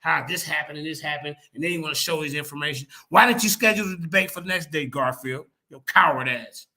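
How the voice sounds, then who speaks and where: On an online debate panel, a man with a fairly high, pushed, bright voice talks fast as he angrily and profanely calls out a rival. The heated argument is confrontational, full of repetitive, emphatic call-outs.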